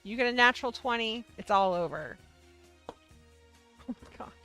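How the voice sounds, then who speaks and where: Bubbly woman host, high bright voice with lots of swing, faint music underneath. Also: normal speed. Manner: bubbly, excitable, chatty with viewers. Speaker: livestream host of a yarn shop show. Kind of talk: casual livestream chat.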